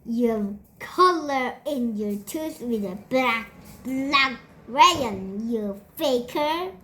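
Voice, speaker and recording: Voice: mid-range voice, expressive, very slow, a bit bright. A child voicing a rude, jealous older brother, in a jeering, sulky way. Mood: accusing. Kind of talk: reading a storybook aloud.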